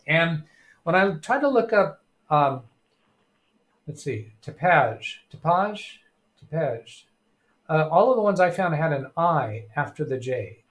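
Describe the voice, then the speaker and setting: A middle-aged man hosting a casual live tech stream, reading chat aloud and thinking out loud with many fillers. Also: medium pitch.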